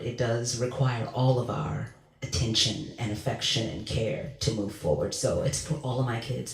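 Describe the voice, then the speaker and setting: A woman in her forties, an earnest song leader chatting over a video call with many fillers before teaching a song. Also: extremely low pitch. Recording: roomy sound with guitar playing.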